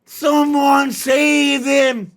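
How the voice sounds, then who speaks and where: Guy yelling thru a live manga reaction, high voice, gravelly, cussing and reading lines out. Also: little pitch movement, very slow. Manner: shouting, emotional, swearing, reads panels aloud.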